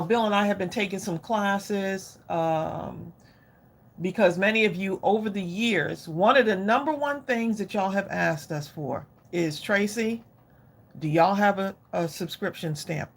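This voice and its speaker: Slow-talking woman hosting a livestream. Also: medium pitch, creaky, husky. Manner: effusive, chatty, addresses viewers directly. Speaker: crafting livestream host. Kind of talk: casual live chat with viewers.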